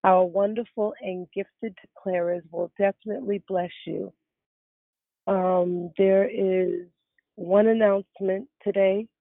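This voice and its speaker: Fifties woman, prayer-line hostess, even flat delivery over a tinny phone line. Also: mid-range voice, takes it slowly, creaky, no echo. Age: 50s. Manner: warm, greeting each caller. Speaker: prayer call host. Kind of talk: welcoming callers on a prayer line.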